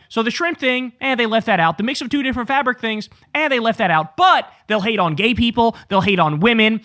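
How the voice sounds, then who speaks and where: A high-voiced man rants through political commentary, sarcastic, incredulous and profane. The sound is dry and close, with no room around it. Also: fairly bright tone, dry recording.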